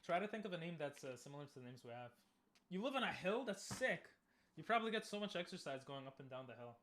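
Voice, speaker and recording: A young man casually commenting on a game he is playing, chatting with viewers and bursting into loud cheers. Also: fairly high pitch, big pitch swings, fast, slight background noise. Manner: talks to chat, asks viewers questions. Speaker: streamer.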